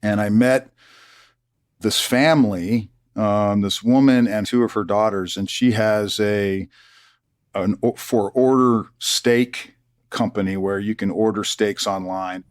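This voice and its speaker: A man's voice: lowish voice, slow pace, dry recording, clean studio sound. A middle-aged man, a retired army officer, telling stories in an interview and acting out the people he quotes. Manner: animated, acts out quoted dialogue. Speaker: retired army colonel, guest. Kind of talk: conversational storytelling interview.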